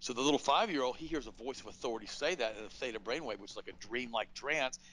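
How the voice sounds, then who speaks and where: A middle-aged man hosting a talk show, speaking bluntly and emphatically, pitching up sharply for stress and acting out quotes in his stories. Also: fast talker, low-quality recording. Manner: emphatic, animated, blunt storytelling with acted-out quotes. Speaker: radio show host. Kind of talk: political commentary, conversational monologue.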